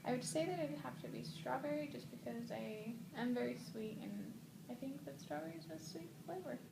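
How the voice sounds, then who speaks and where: A woman's voice: on the high side, brisk, creaky. A woman answering casual interview questions in a sweet, easygoing way. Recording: loud noise in an echoey room.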